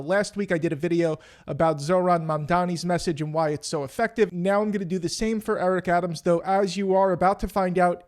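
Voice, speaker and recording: A man's voice: high voice, a little mellow. A man giving casual, blunt marketing commentary to camera, wry, with frequent restarts.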